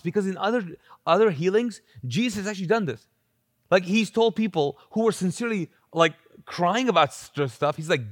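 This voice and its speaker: A man preaching a live church sermon in an animated, conversational way, acting out quotes and restarting often. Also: high-pitched, brisk, no echo, clean studio sound. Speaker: pastor.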